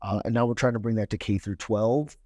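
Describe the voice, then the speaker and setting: A man's voice: lowish voice, fairly even intonation, fairly quick, warm tone, no room sound, studio quality. A young man from Cleveland telling his story as a podcast guest, candid and streetwise, swearing freely. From Cleveland, Ohio. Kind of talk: casual storytelling.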